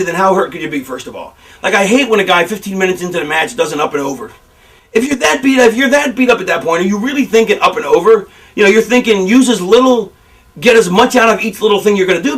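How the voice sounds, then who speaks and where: A high-pitched man spins loose, profane stories about his trade, jumping between thoughts as he goes. He sounds set back from the microphone, so his voice carries a little distance. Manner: rambling, profane, animated storytelling. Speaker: pro wrestler giving a shoot interview. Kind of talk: candid storytelling interview.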